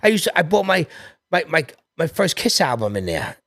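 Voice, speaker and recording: A man in his fifties with a New York accent spins loose, rambling anecdotes as a podcast guest. His voice sits a touch high for a man. The sound is dry and close, with no room around it. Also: brisk, no echo. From New York City. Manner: animated, rambling anecdotes with restarts. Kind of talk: casual storytelling chat.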